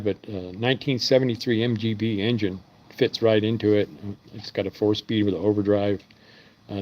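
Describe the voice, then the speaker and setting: A man who runs an engine machine shop rambles through stories, with fillers, in a casual live stream. His voice is lowish and the sound is lo-fi.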